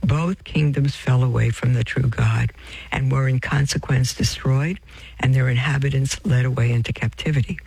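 A man's voice: mid-range voice, fairly even intonation, moderate pace, creaky, darkish tone, husky, dry recording, poor audio. A man preaching, reading from a religious text and breaking off into asides to his listeners, whom he calls beloved. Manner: addresses listeners as beloved, reads with off-script asides and self-corrections.

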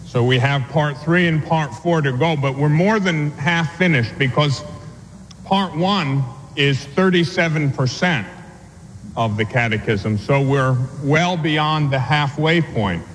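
A man teaching the catechism in a radio sermon, reading scripture aloud slowly and deliberately. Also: on the high side, big-room sound, a little hiss or hum, low-quality recording. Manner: slow, deliberate reading and preaching.

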